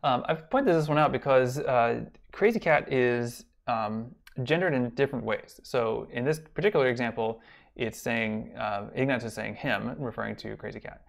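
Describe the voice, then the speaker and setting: A man's voice: mid-range voice, normal speed, gravelly. A man teaching a college class online in a loose, rambling way, with many fillers and restarts. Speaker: college instructor. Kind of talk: casual online lecture.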